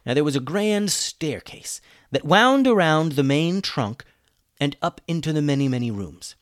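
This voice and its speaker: Animated man reading a storybook. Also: a little high, unhurried, no echo, studio quality. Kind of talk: storybook narration.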